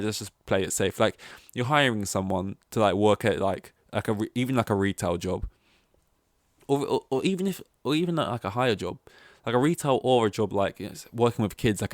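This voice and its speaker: A man's voice: fairly low pitch, dry recording, studio quality. A young man hosting a solo podcast, rambling through tangents with many restarts. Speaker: podcast host.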